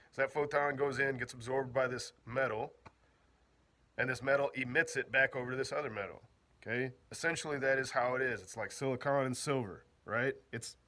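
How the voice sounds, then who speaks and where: Laughing and slangy, the off-grid living vlogger clowns through an explainer, putting on silly voices for his bits. He speaks at a medium pitch with a bright, forceful tone.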